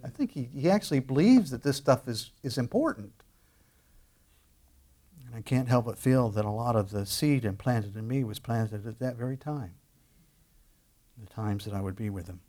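A middle-aged pastor preaching in an easy, conversational way. His voice sits at an ordinary pitch for a man, and his talk is full of small restarts and fillers before he swells into loud, emphatic stretches. It sounds like a sermon delivered from the pulpit. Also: expressive, normal speed, pauses often.

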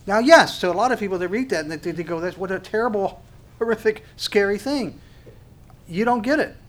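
A man's voice: high-pitched, fairly bright tone. A man preaching a sermon with passion, acting out little dialogues between God and people as he goes. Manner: impassioned, acts out dialogue with God.

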